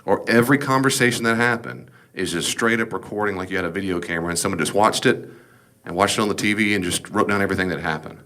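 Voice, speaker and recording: A man's voice: deep voice, quick pace, pushed and bright. A man teaching a Bible study as pastor, talking emphatically and casually, full of rhetorical questions.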